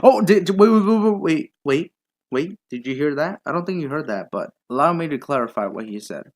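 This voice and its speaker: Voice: mid-range voice, animated, brisk, darkish tone. Mocking, foul-mouthed young commentator. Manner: mocking, sarcastic and profane. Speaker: commentator reacting to clips. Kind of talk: reaction commentary.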